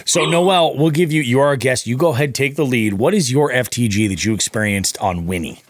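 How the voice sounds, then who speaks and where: A man's voice: medium pitch, brisk, no echo. A man hosting a fishing podcast, chatting casually and animatedly, swearing freely and often restarting his sentences. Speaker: podcast host.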